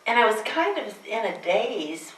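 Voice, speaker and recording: A woman's voice: on the high side, big pitch swings, measured pace. A woman performing the aged Virgin Mary as a live character monologue, chatting wryly with the audience. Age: older. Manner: chatty, wry asides to the audience. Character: aged Virgin Mary, wry, homespun storyteller. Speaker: one-woman stage performer. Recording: echoey room, voice from a distance.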